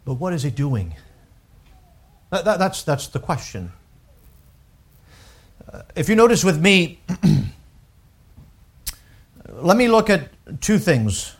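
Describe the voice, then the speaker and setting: A man preaching a sermon with emphatic swings from loud declarations to hushed, drawn-out lines, repeating words as he works through a thought. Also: a little high, sing-song, slightly rough. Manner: unhurried, deliberate, with pauses and repeated words. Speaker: pastor.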